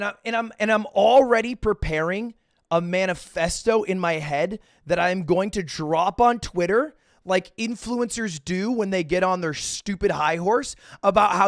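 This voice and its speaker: A higher-pitched man spins a rambling, self-mocking story for his stream. He swears freely and trips over restarts, and the sound is dry and close. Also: unhurried, dry recording. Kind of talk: casual storytelling to stream chat.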